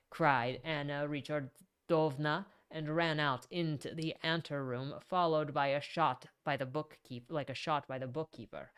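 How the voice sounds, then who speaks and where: A woman reading a novel aloud in an animated, casual way, stopping to correct her own slips. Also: sits low, unhurried, smooth. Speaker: reader.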